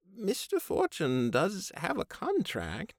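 A man's voice: high voice, huge pitch swings, slow, no echo, pitched above the performer's own voice, full character voice. A nervous, apologetic young woman who stammers as she tries to keep the peace, as a male audiobook narrator puts her on. The voice sits well above his own register and is read on a dry, close recording. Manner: stammering, placating. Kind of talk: audiobook character voice.

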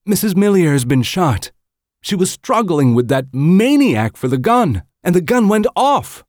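A man's voice: high-pitched, sing-song, measured pace, a little mellow, dry recording, studio quality, pitched above the performer's own voice. A man voicing a frightened, hysterical young woman, breathless and distraught, in an audiobook. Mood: frantic.

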